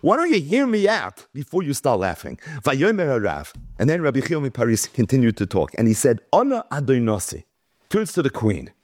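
Fairly quick and mid-range, the man's voice comes through in a clean studio recording with no room sound. He's a Torah teacher lecturing on Talmud, reading and translating Hebrew and Aramaic lines and animatedly narrating while acting out those being quoted.

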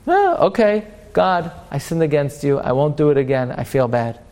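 A man's voice: on the high side, very animated, moderate pace, darkish tone, big-room sound. A man doing a whiny pleading sinner. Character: sheepish male sinner pleading.

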